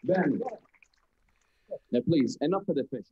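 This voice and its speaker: A man's voice: fairly high pitch, animated, unhurried, narrow, tinny audio, heavy background noise. A man playing the straight man in a variety sketch, reciting a poem with mock seriousness and getting exasperated. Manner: exasperated, theatrical.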